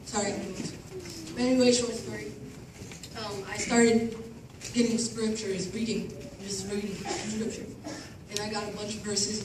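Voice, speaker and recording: Woman telling her testimony to a group, chatty, laughs a lot, far off mic in a roomy hall w/ noise. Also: mid-range voice. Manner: chatty and self-conscious, laughs and apologizes often. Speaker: church member giving testimony. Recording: echoey room, distant mic, noisy.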